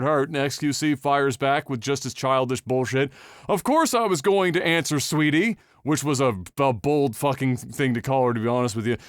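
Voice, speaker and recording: A man hosting a podcast in a casual chat, animated and swearing freely. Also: a little high, no room sound, studio quality. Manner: animated, swears freely, breaks into shouted bits. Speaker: podcast host.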